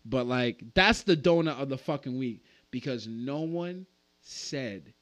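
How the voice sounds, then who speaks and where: A man's voice: medium pitch, lively intonation, a little slow, fairly bright tone. A man, a podcast guest, telling a wild story with lots of swearing and acted-out dialogue. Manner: profane, acts out voices in the story. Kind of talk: animated storytelling.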